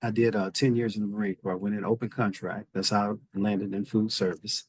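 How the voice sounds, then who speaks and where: A middle-aged man from Indiana with a Southern US accent, telling his story in a relaxed interview, often restarting his sentences. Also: lowish voice, fairly quick, husky, dry recording, poor audio. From Indiana, USA. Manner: relaxed storytelling with frequent repeated starts. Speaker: guest, federal official. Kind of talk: conversational interview.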